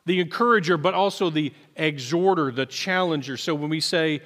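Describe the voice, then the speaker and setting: A man's voice: fairly high pitch, normal speed, fairly bright tone, big-room sound. A man preaching a sermon as pastor, earnest and often repeating words as he starts a sentence. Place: church sanctuary.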